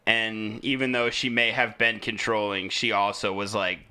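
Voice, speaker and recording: A man chats on a casual podcast, tossing in hunches and opinions. His voice is sharply bright and crisp. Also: fairly low pitch, level tone, moderate pace, hardly any pauses. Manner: chatty, speculative, jumps in with opinions. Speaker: podcast co-host.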